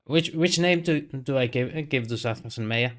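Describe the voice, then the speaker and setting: Man, tabletop player, casual chat, quick questions, small stumbles, mid-pitched.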